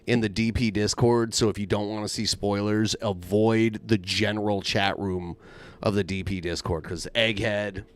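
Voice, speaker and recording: A man's voice: fairly low pitch, fairly even intonation, moderate pace. A man co-hosting a podcast, chatting in a laid-back way and telling stories. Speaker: podcast co-host. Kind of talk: casual chat.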